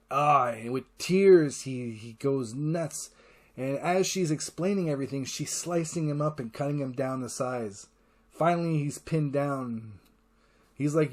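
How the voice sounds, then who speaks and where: A man hosting a casual solo podcast, rambling with enthusiasm and swearing freely. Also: a little high. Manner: enthusiastic, profane, rambling retelling; acts out character lines in quick voices. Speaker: podcast host.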